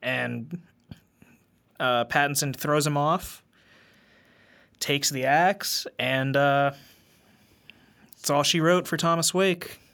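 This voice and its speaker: Slow, bright-toned male podcast co-host. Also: on the high side, steady tone, vocal fry, smooth. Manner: unhurried plot recap with fillers. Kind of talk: casual film review chat.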